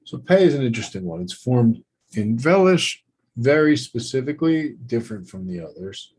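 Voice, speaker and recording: A man's voice: mid-range voice, very animated, normal speed, a little mellow, a little hiss or hum, low-quality recording. A man teaching a lesson on writing letters, talking through each stroke as he draws it, in short trailing phrases. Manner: thinking aloud while drawing letters, short trailing phrases. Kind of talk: relaxed instructional demonstration.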